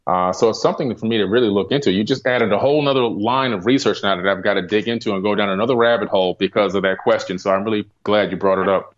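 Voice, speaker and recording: A man's voice: fairly low pitch, quick pace, hardly any pauses. A man, a guest author, giving earnest, explanatory answers in a radio interview, with frequent fillers. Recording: muffled lo-fi radio audio.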